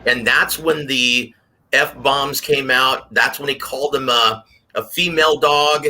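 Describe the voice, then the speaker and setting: Husky, very bright-voiced man commentating on boxing. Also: mid-range voice, takes it slowly. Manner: animated storyteller, acts out quotes. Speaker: boxing panel guest. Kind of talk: casual panel commentary.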